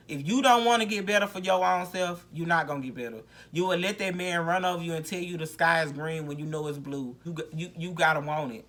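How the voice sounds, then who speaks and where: A woman's voice: deep voice, sharp tone. A woman hosting her podcast, talking frankly and rambling through her own story with many restarts, without a proper podcast mic. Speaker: podcast host. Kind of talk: candid personal recovery story.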